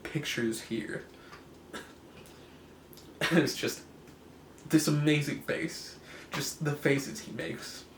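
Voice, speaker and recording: A man's voice: on the high side, extremely slow, gravelly, long pauses. Rambling man reviewing comics, echoey room. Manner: rambling, laughs easily, self-correcting. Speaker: comic book video host. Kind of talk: casual comic review chat. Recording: echoey room, faint hiss.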